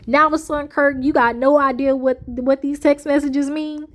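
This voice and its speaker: High-voiced woman, chatty reality TV recap, plays out the quotes. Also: a little fast, few pauses. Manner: animated storyteller, slips into the voices of the people she quotes, laughs often. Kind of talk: casual chat, retelling with acted quotes.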